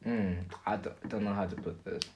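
A man's voice: fairly low pitch, steady tone, brisk, dull audio, noisy background. A young man co-hosting a casual podcast, earnest and repeating himself as he searches for words. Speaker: podcast co-host. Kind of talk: casual chat.

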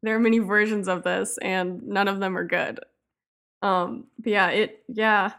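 A woman in her usual middle register chats as a podcast co-host, relaxed and reflective, with soft laughs between her thoughts. She talks things over at an easy, unhurried pace. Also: medium pitch. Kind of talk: casual chat recapping a TV episode.

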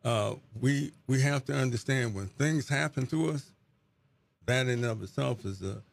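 Middle-aged man, pastor, gravelly voice, earnest, halting repeats, mid-pitched. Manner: earnest, repeats words as he searches for them. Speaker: pastor and interview guest. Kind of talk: reflective testimony.

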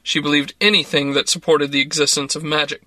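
Bright-voiced male story narrator. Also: a little high, flat delivery, fairly quick, no room sound.

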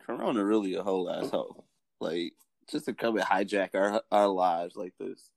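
A man co-hosting a casual chat, joking and quick, often laughing between lines. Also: low-pitched, gravelly, no echo.

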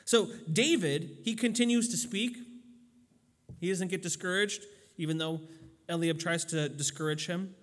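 A man with a high voice preaches a sermon in a relaxed, chatty way, restarting phrases and tossing in fillers. His voice rings out with a long hall reverb. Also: measured pace. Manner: conversational, loose with fillers and restarts. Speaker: pastor.

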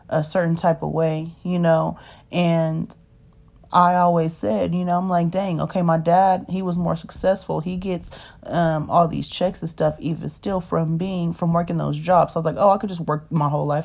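In her 30s, this woman rambles casually through her life story, often asking "you know what I mean?" Her voice is low and fairly flat in pitch, with vocal fry and a slightly mellow quality, at a normal pace.

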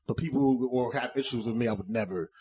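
A man's voice: mid-range voice, quick pace, mellow. A man chatting casually on a podcast as a comedian guest, joking and laughing often and filling his talk with "you know what I'm saying.".

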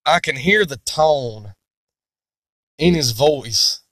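A man preaching in a sermon-style Bible teaching, deliberate and emphatic. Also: fairly high pitch, expressive, a bit bright, dry recording.

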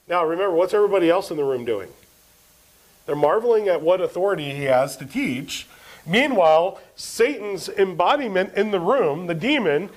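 Male pastor, high-voiced, preaching at a church service; asks the congregation questions, reads scripture with rising emphasis. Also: animated, normal speed, low-quality recording. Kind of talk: sermon.

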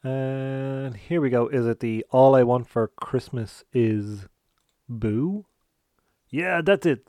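Brief: male podcast host, mid-pitched voice, loose and teasing, swears a lot, dry close recording. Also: slow pace, a little mellow, dry recording. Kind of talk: casual chat.

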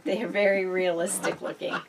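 A woman's voice: fairly low pitch, little pitch movement, fairly quick, vocal fry, distant mic, background noise. A middle-aged woman co-hosting a casual chat podcast, telling stories in a chatty way and laughing often. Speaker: podcast co-host.

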